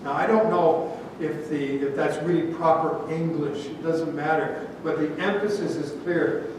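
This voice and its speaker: A high-voiced male pastor delivering a sermon, pausing on rhetorical questions and slowing down to stress key words. The sound is captured from a distant mic in a very echoey church, with a faint rumble underneath. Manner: rhetorical questions, slow emphatic phrasing, drops to a hush. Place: church sanctuary.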